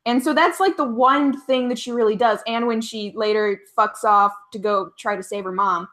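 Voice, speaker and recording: A woman talks on a podcast in a slightly high voice, blunt and wry, swearing freely. Her delivery is loose, casual chat with a co-host. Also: normal speed, fairly bright tone.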